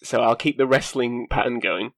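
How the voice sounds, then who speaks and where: A man's voice: mid-range voice, moderate pace, fairly bright tone, no room sound. A man hosting a casual film podcast, joking wryly and laughing through his lines. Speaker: podcast host presenting news segment.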